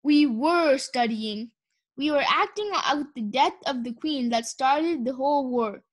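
A woman's voice: high voice, a little slow, no echo. A woman playing a defiant young dragon girl. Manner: bristling, talks back. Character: bold defiant young female sea dragon.

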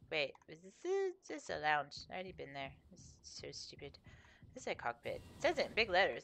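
A woman's voice: fairly low pitch, sing-song, brisk, fairly bright tone, a little hiss or hum. A woman streamer chatting playfully through a game playthrough, joking and reacting as she goes. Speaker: gaming streamer. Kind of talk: let's play commentary.

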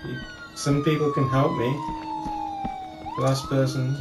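A man playing the killer in a video game commentates live, grumbling and swearing as things go wrong. His fairly high voice swoops wildly in pitch at a measured pace, and the recording is very noisy, in an echoey room with loud game sirens.

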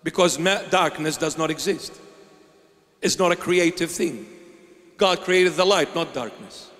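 A male bishop preaching a sermon, asking rhetorical questions and answering them himself in a slow, emphatic delivery. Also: fairly high pitch, fairly bright tone, in a large hall.

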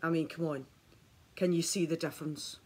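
A husky woman with a low voice chats to her viewers while filming herself at home. She is enthusiastic and keeps talking straight to the camera, heard through the camera mic. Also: steady tone, normal speed, a little mellow. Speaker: beauty vlogger. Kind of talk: chatty product demonstration.

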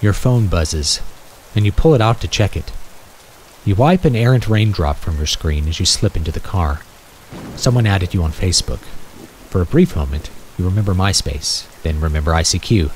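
A man's voice: deep voice, expressive, normal speed, darkish tone, a little hiss or hum, poor audio. A man reading a second-person story aloud in a wry, nostalgic storytelling manner. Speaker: narrator. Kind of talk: scripted second-person narration.

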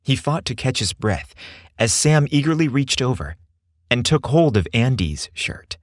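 A man narrating a scripted story with expressive delivery. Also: mid-range voice, unhurried, dry recording, studio quality.

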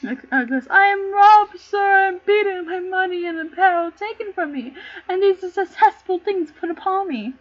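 A woman's voice: high-pitched, animated, moderate pace, fairly bright tone. A woman voicing a sly, thieving male rogue peddler who whines pleas for help and then makes sly asides, read on a dull lo-fi recording. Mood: pleading.

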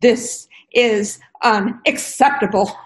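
A woman's voice: fairly high pitch, slow pace, low-quality recording. A middle-aged woman from Indiana giving an emotional, impassioned testimony, her voice pleading and at times breaking.

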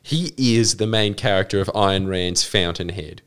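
A man's voice: low voice, a bit bright, clean tone. A man hosting a podcast, trading jokes in casual banter and swearing freely. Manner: swearing, joking, quick to laugh. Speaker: podcast host.

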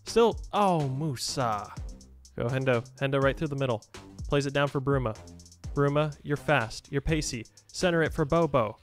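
A young man giving jokey, excitable commentary on his own football video game match, shouting at his players. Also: medium pitch, normal speed, faint music behind. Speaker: gaming YouTuber. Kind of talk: casual gameplay commentary.

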